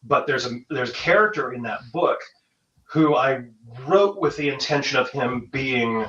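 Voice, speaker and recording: A man's voice: medium pitch, expressive, moderate pace, fairly bright tone, echoey room, distant mic, muffled recording. A man, a guest author, chatting casually and self-deprecatingly, with frequent restarts. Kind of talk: casual interview chat.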